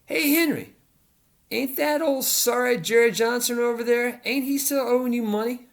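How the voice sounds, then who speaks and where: A man voicing a brash, hotheaded teenage boy with a high, strained, taunting drawl. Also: normal speed.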